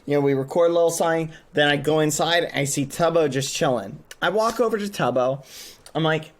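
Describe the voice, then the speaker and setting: Male streamer, fairly high voice that swoops up and down, chatty and excitable, keeps his language clean. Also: moderate pace. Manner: animated and exclamatory, avoids swearing. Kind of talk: casual storytelling to stream chat.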